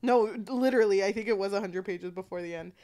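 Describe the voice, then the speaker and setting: A woman's voice: medium pitch, fast talker, dry recording, clean studio sound. A woman co-hosting a casual book podcast, retelling a plot with lots of swearing and fillers. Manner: animated retelling with frequent swearing. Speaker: podcast co-host.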